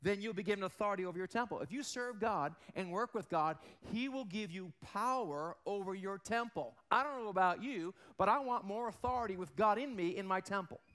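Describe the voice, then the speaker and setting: High-voiced man preaching a sermon. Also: brisk, few pauses. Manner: earnest preaching, drops low and quiet for emphasis; asks the congregation questions. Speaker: pastor.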